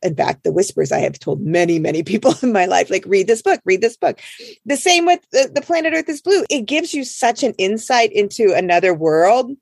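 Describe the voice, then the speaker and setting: A woman's voice: medium pitch, very animated, brisk, vocal fry, hardly any pauses, slightly rough, no echo, clean studio sound. A woman co-hosting a podcast, chatting about books in a chatty, joking way. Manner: chatty and enthusiastic, jokes about a made-up nephew. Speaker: podcast co-host. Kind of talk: casual chat about books.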